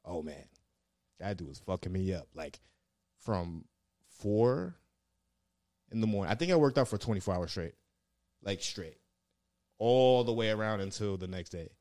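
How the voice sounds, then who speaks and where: Deep-voiced guy rambling thru a story, cussing a lot, dry close sound. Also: animated, normal speed, pauses often, darkish tone, no echo. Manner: laid-back, swears a lot, lots of fillers. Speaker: guest telling stories. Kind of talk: casual storytelling.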